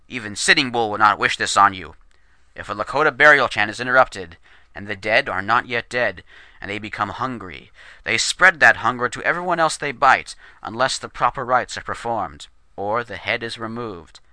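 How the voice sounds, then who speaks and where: A man puts on a composed young Lakota man with a stuffy English accent, every word formal and dignified. The tone stays bright and present, and the recording is close and dry with no room around it. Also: fairly low pitch, animated, moderate pace, no echo. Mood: solemn. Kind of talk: storytelling character voice.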